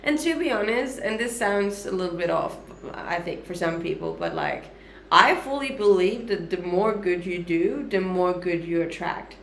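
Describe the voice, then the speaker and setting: Chatty woman in her thirties, mixed Danish-Canadian-Australian accent, slight fry. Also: fairly low pitch, lively intonation, moderate pace, slight background noise. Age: 30s. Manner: upbeat, chatty, frequent light laughs. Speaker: livestreamer. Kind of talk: casual livestream chat answering viewer comments. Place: home kitchen.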